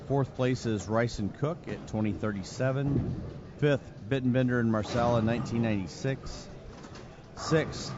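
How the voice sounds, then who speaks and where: Joking male bowling commentator. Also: medium pitch. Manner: joking, reads standings in a steady list. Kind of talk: live sports commentary. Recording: dull broadcast audio with noise.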